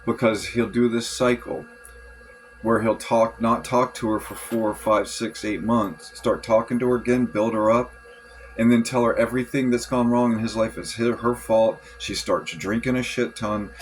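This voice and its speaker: A man's voice: mid-range voice, steady tone, normal speed, a little hiss or hum, rough recording. A man venting in a rambling, frustrated journal monologue, swearing often and restarting his sentences. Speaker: vlogger.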